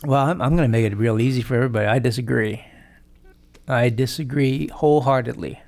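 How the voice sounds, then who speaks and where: A man co-hosting a casual sports podcast, animated and laughing, swearing freely and stumbling through restarts. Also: mid-range voice, brisk. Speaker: podcast co-host.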